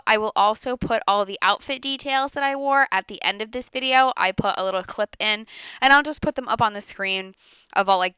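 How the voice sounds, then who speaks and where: A woman's voice: mid-range voice, bright, forceful tone, clear, resonant tone, dry recording, muffled recording. A young woman doing a casual makeup tutorial voiceover while sick. She sounds a little nasal and rambles with fillers and giggles. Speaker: beauty vlogger. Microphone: close voiceover mic.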